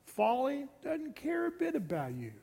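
High-voiced preacher in a reverberant hall. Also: male voice, huge pitch swings, unhurried, creaky, dark tone. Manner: emphatic, repeats phrases and asks rhetorical questions. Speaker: pastor. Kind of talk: sermon.

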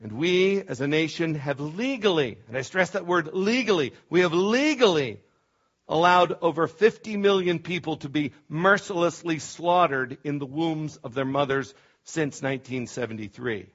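A man's voice: on the high side, normal speed, a bit bright. A middle-aged man preaching a sermon as pastor, impassioned and emphatic, often stumbling over restarts. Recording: dull lo-fi sermon recording.

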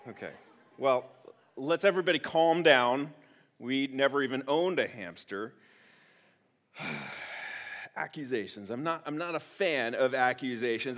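A man preaching a sermon as pastor, telling stories with acted-out quotes. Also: medium pitch. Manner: animated storytelling with acted-out quotes. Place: church.

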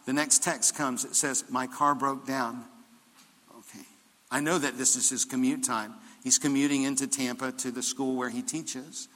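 Older man, pastor, storytelling sermon, bright tone, long hall reverb. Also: medium pitch, fairly even intonation, normal speed. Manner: storytelling, rising to emphatic preaching.

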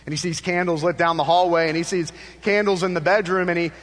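A man's voice: high voice, flat delivery, fast, big-room sound. A male pastor preaching a sermon in a church, telling a story with passion and building to fervent appeals. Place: church sanctuary.

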